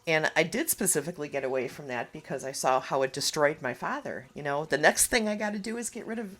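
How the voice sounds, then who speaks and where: A woman doing a casual card reading, tearful and emotional, speaking haltingly with frequent pauses. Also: deep voice, fairly bright tone. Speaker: oracle card reader.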